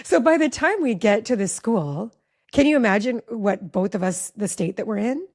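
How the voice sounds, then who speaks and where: A woman in her forties, a relationship educator, telling a personal story in an animated, chatty way with lots of "like" in a podcast interview. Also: on the high side, normal speed. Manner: animated, chatty, heavy use of "like".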